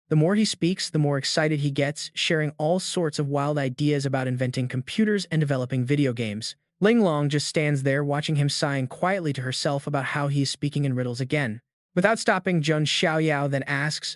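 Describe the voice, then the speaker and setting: A man narrating a manhwa recap as a scripted, dramatic story, in a smooth, even manner without fillers. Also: a little high, normal speed, dry recording, studio quality.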